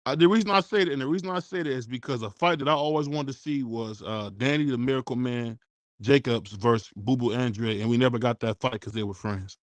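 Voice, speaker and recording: A man's voice: medium pitch, brisk, no room sound. Laid-back man talking boxing, dry sound. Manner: relaxed, conversational, drawls "man" often. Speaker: sports talk host. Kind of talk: casual sports chat.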